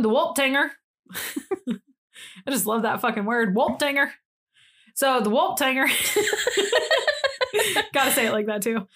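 A woman's voice: on the high side, sharp tone. A woman co-hosting a podcast in casual chat, rambling and self-deprecating with frequent giggles. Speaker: podcast co-host.

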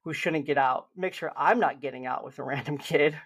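A young man co-hosting a podcast, chatting casually and acting out gentle reassuring lines to a lost child. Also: a little high, fairly quick, husky. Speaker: podcast host. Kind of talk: casual chat.

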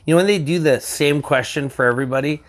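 A man's voice: fairly high pitch, fast. A young man in casual chat, frankly telling stories from his own life.

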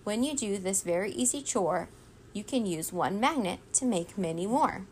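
A woman reading a children's storybook aloud in a steady, expressive way. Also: medium pitch, moderate pace, slight background noise. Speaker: reader.

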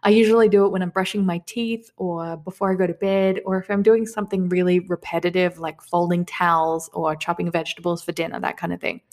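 Low-voiced woman teaching affirmations. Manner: calm, slow repeated affirmations. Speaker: manifestation teacher. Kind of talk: guided affirmation lesson.

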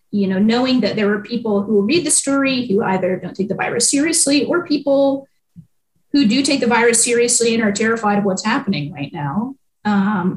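Young woman, newspaper reporter, reflective, lots of ums, mid-pitched voice, roomy echoey sound. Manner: reflective, with frequent ums and likes. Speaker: newspaper reporter, interview guest. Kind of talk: conversational interview answers. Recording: echoey room.

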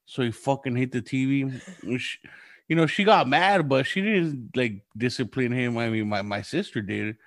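A man hosts a casual podcast in a relaxed, unpolished way. His voice sits at an ordinary middle pitch. He reacts with easy amazement and swears casually when he tells his own stories. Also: normal speed, no room sound, clean studio sound. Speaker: podcast host.

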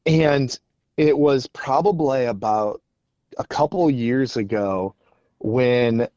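A man's voice: medium pitch, takes it slowly, warm tone, no room sound. A man who is a guest on a podcast, telling stories in an earnest way and often repeating words, on a dull lo-fi recording. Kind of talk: casual podcast interview.

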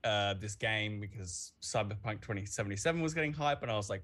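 A man's voice: on the low side, fast talker, hardly any pauses, a bit bright. A man who runs tabletop games, chatting casually and eagerly with lots of stammered restarts. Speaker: game master. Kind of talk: casual interview chat.

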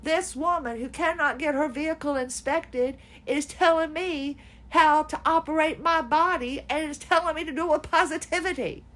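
Her voice sits high and a little bright, moving at normal speed. This podcast host vents casually about something personal, storytelling with sarcasm and exasperation while laughter slips in.

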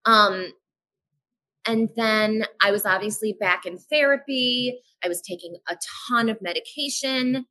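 A woman guest on a podcast, telling a personal story in a frank, animated way and acting out the dialogue. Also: on the high side, rough recording. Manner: animated, acts out dialogue in quick voices; frank, swears casually. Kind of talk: candid personal storytelling in a casual podcast chat.

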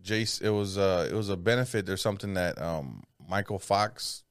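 A man's voice: deep voice, moderate pace, clean tone, no echo, studio quality. A man in casual chat, swearing freely and laughing often. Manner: profane, laid-back, laughs often.

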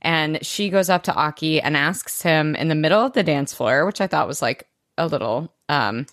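Low-voiced woman recapping a TV episode. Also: moderate pace, fairly bright tone, no room sound, studio quality. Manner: chatty, many fillers and restarts. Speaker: podcast co-host. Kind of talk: casual recap chat.

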